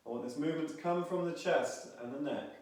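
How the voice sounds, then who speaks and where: A man guiding a morning movement and breathing session, calmly cueing each stretch and breath, a little out of breath as he moves along. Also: on the high side, quick pace. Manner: calm, instructive, counting and cueing each movement. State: slightly out of breath. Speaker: movement instructor. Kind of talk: guided movement and breathing class. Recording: very echoey room, from a distance.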